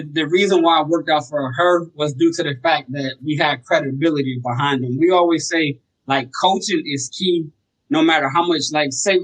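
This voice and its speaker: Male podcast guest, easygoing and slangy, pitched a little high. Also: rough recording. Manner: relaxed, slangy, tells stories with acted quotes. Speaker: guest, sober home operator. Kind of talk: casual podcast talk.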